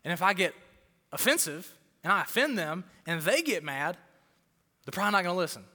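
Fired-up preacher man, bright ringing voice. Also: sits high, big pitch swings, brisk. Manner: fired-up preaching, repeats words for emphasis. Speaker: pastor. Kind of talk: sermon. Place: church auditorium before a crowd. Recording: long hall reverb.

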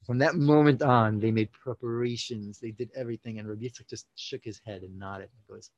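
Young man, animated storyteller, middle pitch. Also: brisk, dry recording, dull audio. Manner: animated, full of 'you know, like' fillers, acts out quotes. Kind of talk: casual personal storytelling.

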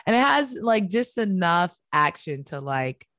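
A woman's voice: on the low side, unhurried, no echo. Woman chatting casually, dry close sound. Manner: casual, expressive, lots of fillers like "like". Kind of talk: casual chat.

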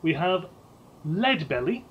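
A man's voice: sits high, sing-song, takes it slowly, husky, muffled recording. Playful man hosting a game. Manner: playful, swears often, laughs a lot. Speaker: podcast host running a name game. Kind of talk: casual chat.

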